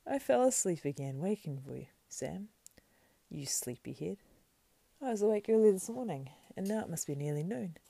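A good-humoured young hobbit, light and teasing, as a woman reading aloud puts him on. Her low, dark voice has a gravelly edge and a dry, close sound. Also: lively intonation, normal speed, no echo, heavily acted.

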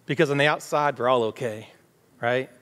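A man's voice: mid-range voice, moderate pace, fairly bright tone. A man preaching a conversational sermon as pastor, acting out everyday dialogue in quoted voices. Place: church sanctuary. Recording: long hall reverb with faint music behind.

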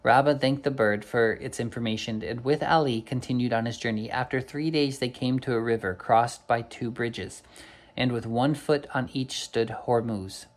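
A man's voice: medium pitch, steady tone, moderate pace. A man reading an old storybook aloud, unpolished, with occasional slips and self-corrections.

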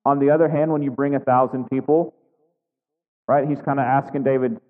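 A man's voice: medium pitch, steady tone, brisk. A man preaching a conversational sermon on scripture. He talks in a chatty way, with restarts and frequent tag questions. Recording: tinny echoey hall recording.

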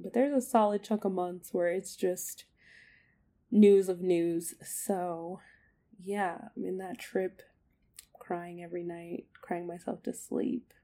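Young adult woman, podcast host, unhurried, gravelly fry, candid and emotional delivery. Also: on the low side, steady tone, mellow. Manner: candid, emotional, many fillers and hesitations. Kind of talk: personal storytelling monologue.

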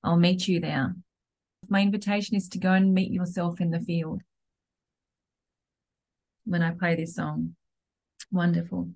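A woman leading a group coaching call on a video call, soft and inviting as she guides the group. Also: lowish voice, little pitch movement, unhurried, vocal fry, pauses often.

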